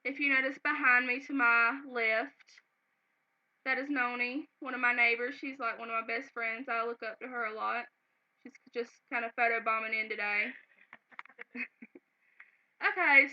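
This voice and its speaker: A woman talks straight to her camera at home, earnest and at times close to tears as she tells her story. Her voice sits a little high. The sound is somewhat dull and lo-fi, like a basic home video. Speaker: vlogger. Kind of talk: casual emotional storytelling to camera.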